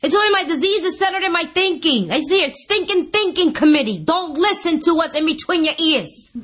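Her voice is extremely high and brisk as this woman shares a funny testimony at a recovery meeting. Animated and energetic, she imitates the people she quotes and laughs frequently.

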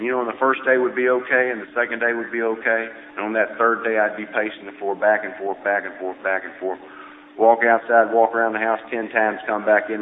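A man's voice: lowish voice, fairly even intonation, a little fast, a little hiss or hum. Lo-fi man telling his drinking story. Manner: plainspoken storytelling, frequent "you know". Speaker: speaker sharing his recovery story. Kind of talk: personal testimony talk. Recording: tinny lo-fi sound in a long-reverb hall.

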